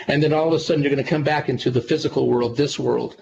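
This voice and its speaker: A man, a psychic medium guest on a radio interview, telling stories in a relaxed, rambling way and repeating himself. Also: mid-range voice, quick pace. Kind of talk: conversational radio interview storytelling. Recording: dull lo-fi sound with clear background noise.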